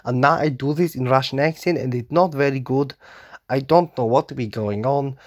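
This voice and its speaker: A man's voice: medium pitch, brisk, no room sound, studio quality, lightly acted. A man putting on a clumsy mock Russian accent. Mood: mock serious. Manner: clipped broken grammar, dropped articles.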